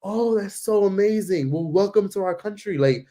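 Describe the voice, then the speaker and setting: A man's voice: sits high, moderate pace, warm tone, pitched above the performer's own voice, lightly acted. A man voicing a friendly, pleading young male stranger who repeats himself to reassure the listener. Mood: wistful.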